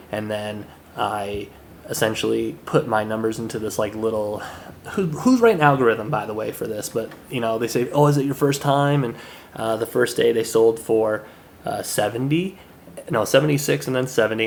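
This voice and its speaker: A man's voice: on the low side, slight background noise. Rambling, jokey young male podcast host. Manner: rambling and jokey, with crude asides. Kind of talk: casual solo chat.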